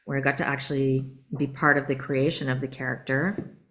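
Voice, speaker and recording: A middle-aged woman from Canada, a voice actress telling stories in a casual interview, lively and quick to giggle. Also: extremely low pitch. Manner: lively, acts out quoted voices, giggles often. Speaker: guest voice actress.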